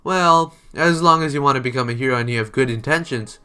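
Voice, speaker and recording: A man's voice: mid-range voice, fairly quick, pushed and bright, clear, resonant tone, close to an everyday voice. A man doing a laid-back old martial arts master. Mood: easygoing. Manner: drawling, casual, says "eh" and "kid".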